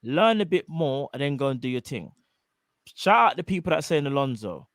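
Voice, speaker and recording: Animated, emphatic man. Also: a little high, moderate pace, no echo, clean studio sound. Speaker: co-host of a fan show. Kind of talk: casual live-stream chat. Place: home studio.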